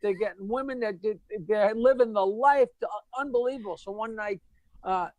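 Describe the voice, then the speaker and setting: A man, a comedian guest, telling jokes in quick, punchy casual chat. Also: high-pitched, darkish tone, dry recording. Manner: rapid, punchy storyteller, laughs at his own punchlines.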